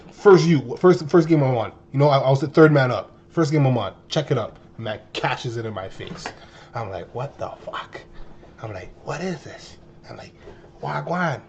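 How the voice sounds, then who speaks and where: Husky, animated young man telling a story. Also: fairly high pitch, dull audio. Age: 20s. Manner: animated, exaggerated storytelling with slang. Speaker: streamer. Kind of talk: casual storytelling to viewers.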